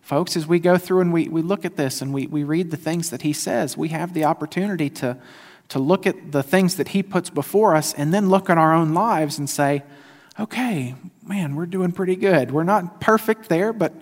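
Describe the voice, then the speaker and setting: A male pastor giving a conversational, animated sermon, often laughing at himself. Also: a little high, a little fast, big-room sound.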